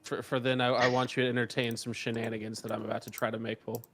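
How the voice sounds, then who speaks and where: A man's voice: mid-range voice, level tone, quick pace, creaky, background noise. A man playing a tabletop game, wordy and hesitant as he asks about the rules. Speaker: player.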